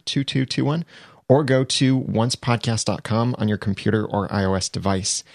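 A man's voice: mid-range voice, gravelly, a little mellow, no room sound, clean studio sound. A man hosting a podcast, chatting casually about a TV episode and reading out show announcements. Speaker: podcast host.

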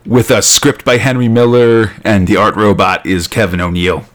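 A man's voice: fairly low pitch, fairly even intonation, normal speed, fairly bright tone. A man co-hosting a casual chat, rambling with many fillers and restarts, laughing often. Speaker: podcast co-host.

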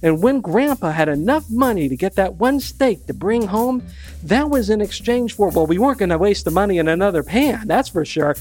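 A man's voice: sits high, animated, moderate pace, darkish tone, voice pushed up. A blunt, thrifty old grandmother, played by a man telling a joke, setting everyone straight in an emphatic, exasperated voice. The voice is raised and firm. Faint music runs underneath.

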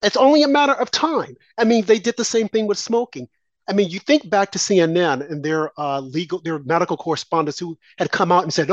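A man's voice: high voice, a little fast, no echo, dull audio. A man hosting a political talk show, preaching his point through strings of rhetorical questions that climb toward exclamations. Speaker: show host.

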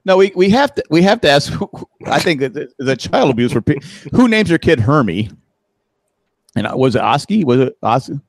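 A man's voice: a little high, fairly quick, dry recording. A man co-hosting a casual podcast chat who stammers and gropes for words. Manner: animated, stammering, searching for words. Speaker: podcast co-host.

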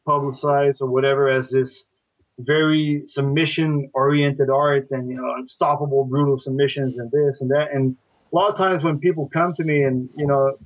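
A man who teaches catch wrestling, a guest chatting casually, talking in a halting way with many fillers and repeated starts. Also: mid-range voice, level tone, no echo, muffled recording. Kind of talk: casual podcast chat.

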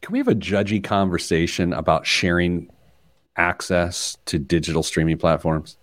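Guy in his 40s hosting a money show, low voice, really lively, laughs a lot and goes off on tangents. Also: moderate pace. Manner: animated storyteller, laughs often, jumps between tangents. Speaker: personal finance podcast host. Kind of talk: casual chat.

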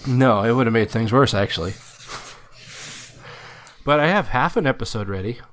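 A man's voice: mid-range voice, animated, moderate pace, fairly bright tone. A man, a parent, co-hosting a podcast in casual chat, rambling and swearing freely. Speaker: podcast co-host.

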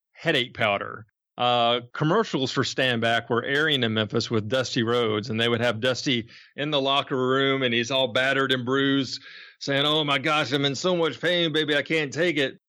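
A man's voice: medium pitch, dry recording. Podcast host guy, normal voice, dry close mic, chill explaining. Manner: relaxed storytelling with small laughs. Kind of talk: casual explanatory chat.

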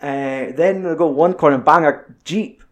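A man with a Scottish accent in casual film chat, swearing freely and getting animated as he retells scenes. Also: on the high side, normal speed.

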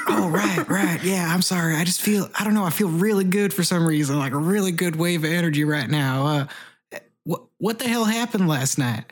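A man's voice: sits high, normal speed. A man playing his character in a tabletop game, with drawling, self-deprecating banter. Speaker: player.

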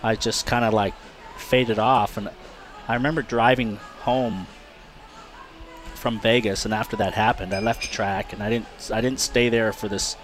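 Speaking at a moderate pace with a lowish, steady voice, a retired race car driver gives a candid interview, swearing, repeating himself, and restarting his sentences. Faint background music can be heard.

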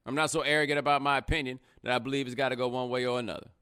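A young adult man hosting a live podcast, chatting casually with a sarcastic, animated delivery. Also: racing, clean tone. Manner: animated, sarcastic, rising pitch when joking. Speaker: podcast host. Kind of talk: casual live-stream commentary.

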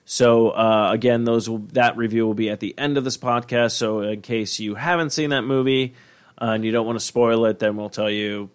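A man's voice: medium pitch, fairly even intonation, moderate pace, clear, resonant tone. Joking man co-hosting a podcast. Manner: joking, teasing banter. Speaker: podcast co-host. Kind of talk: casual chat.

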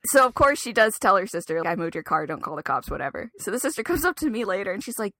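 A woman's voice: medium pitch, fast talker, no room sound. A young adult woman co-hosting a podcast in casual chat, telling stories with lots of laughter and acted-out quotes. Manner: animated storyteller, acts out quotes, laughs often. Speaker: podcast co-host.

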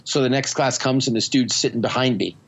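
A man's voice: medium pitch, fairly quick, fairly bright tone, breathy edge, lo-fi sound. A man hosting a podcast, telling stories in a blunt, profane, self-mocking way. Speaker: podcast host. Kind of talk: casual storytelling chat.

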